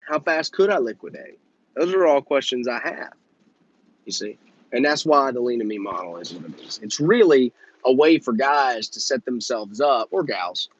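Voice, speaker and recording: He hosts a softwash business channel and hands out casual, blunt advice, swearing now and then. Frequent "okay?" and "right?" check-ins punctuate his speech, and he plays out conversations in rapid voices. Medium pitch, captured in a dry, lo-fi recording.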